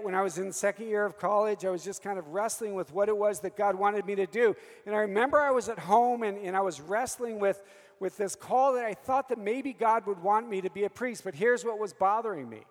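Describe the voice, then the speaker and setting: Male priest, 50s, sermon, storytelling, high pitched, long reverb. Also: gravelly. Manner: storytelling, calls for "Amen?" from the audience. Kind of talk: sermon with personal stories.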